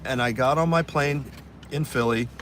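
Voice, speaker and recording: A man hosting a live stream outdoors in a city, telling stories in a casual, animated way. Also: mid-range voice, moderate pace, a little hiss or hum. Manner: animated, acts out fans' voices. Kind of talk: casual storytelling chat.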